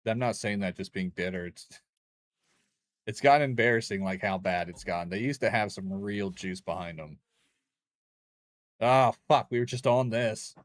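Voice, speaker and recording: A man's voice: on the low side, normal speed, long pauses. A young man streaming a game, rambling and joking with chat in a loose, crude way. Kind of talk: casual gaming stream chat.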